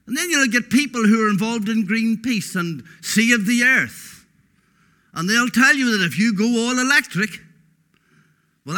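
A man's voice: high-pitched, sharp tone. A man preaching a sermon, emphatic and folksy, repeating words for stress.

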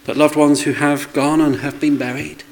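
A man's voice: a little high, little pitch movement, normal speed, slight background noise, rough recording. A man preaching a sermon in a conversational way, with rhetorical questions and asides to the congregation.

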